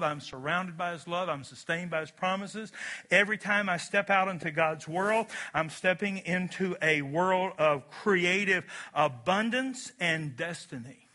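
A man preaching with a high, very bright and ringing voice. He is emphatic and animated, and he acts out little scenes as he goes. The delivery is a full sermon. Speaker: pastor.

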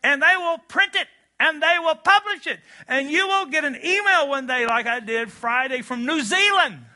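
A man's voice: extremely high pitch, lively intonation, moderate pace, bright, forceful tone. A man preaching a sermon with emphatic, repeated phrases and call-and-response, ending by leading a prayer. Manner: leads a closing prayer. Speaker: pastor.

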